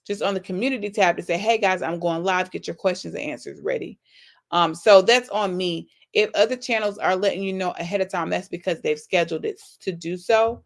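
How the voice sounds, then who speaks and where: A woman's voice: fairly low pitch, creaky. A woman hosting a casual live-stream Q&A. She reads out viewer comments and answers them in an earnest, affectionate, faith-filled way. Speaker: YouTube channel host.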